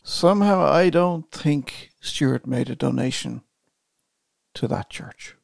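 A man's voice: mid-range voice, slow pace, gravelly, music in the background. A man hosting a chat show, making wry, teasing remarks. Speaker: host. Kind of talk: casual chat.

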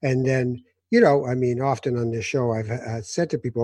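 A man hosting an interview, speaking in a thoughtful, measured way and gently interjecting. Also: medium pitch, dry recording. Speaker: interview host. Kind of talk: conversational interview.

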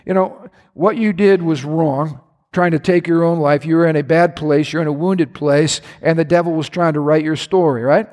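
A pastor preaching a sermon to his congregation, impassioned, his voice climbing higher when he is stirred. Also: fairly even intonation, normal speed, a little mellow. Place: large church hall. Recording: reverberant church hall.

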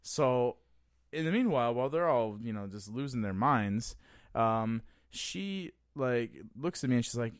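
A man recounting a raunchy night out as a podcast guest, crude and quick to laugh at his own tale. His voice sits at an ordinary pitch, and the room sound is dry with little reverb. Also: smooth. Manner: crude, laughing, animated storyteller. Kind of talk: casual storytelling.

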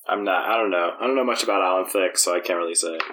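A man's voice: low voice, racing, fairly bright tone. A man co-hosting a podcast, chiming in with short, dry remarks. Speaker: podcast co-host. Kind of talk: casual chat.

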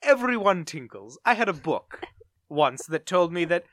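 Goofy podcast dude riffing, voice jumps all over, a bit high. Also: male voice, big pitch swings, moderate pace, a bit bright, dry recording, clean studio sound. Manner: theatrical, jokey, rambling. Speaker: podcast co-host. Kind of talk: casual comedic chat.

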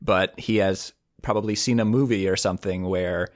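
A man with a fairly low voice walks through what happened in an episode, speaking in a steady, explanatory way. He sounds relaxed and conversational. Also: normal speed. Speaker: podcast co-host. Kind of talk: casual episode recap chat.

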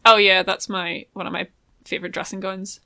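A woman's voice: medium pitch, little pitch movement, brisk, bright, forceful tone, no echo, studio quality. A young woman chatting casually about making her own clothes, rambling with many ums and likes. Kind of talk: casual chat.

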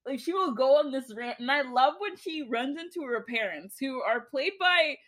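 A woman co-hosts a podcast, chatting casually about a movie, laughing often and swearing freely. Her voice sits high with lively intonation and a fairly bright tone, at a moderate pace.

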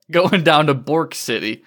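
A man's voice: on the high side, expressive, takes it slowly, fairly bright tone. A man co-hosting a casual let's play, joking, swearing and laughing as he narrates. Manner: jokey, laughs often, swears freely. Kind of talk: casual gaming banter.

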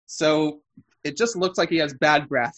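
A man's voice: a little high, measured pace, a bit bright. Man explaining things in casual podcast chat. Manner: explanatory, self-correcting, knowledgeable fan. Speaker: podcast co-host.

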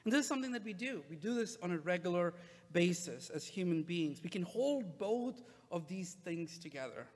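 A male pastor preaching a sermon in a relaxed, conversational way, with frequent "uh" fillers. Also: high-pitched, normal speed, in a large hall.

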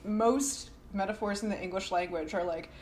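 A woman hosting a casual podcast chat, playful and quick to laugh, dropping slangy asides. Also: medium pitch, darkish tone, slight background noise. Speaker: podcast host.

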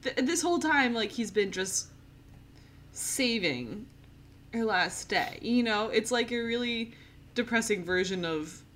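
A woman's voice: on the high side, measured pace, slight background noise. A young woman co-hosting a podcast in a casual, chatty way, laughing often. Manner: giggly, animated and chatty. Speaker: podcast co-host. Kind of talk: casual chat.

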